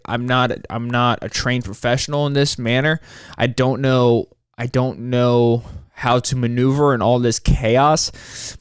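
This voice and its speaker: A man's voice: medium pitch, clear, resonant tone, dry recording, studio quality. A man in his twenties hosting a solo podcast, rambling and frustrated, swearing often as he talks. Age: 20s. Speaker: podcast host.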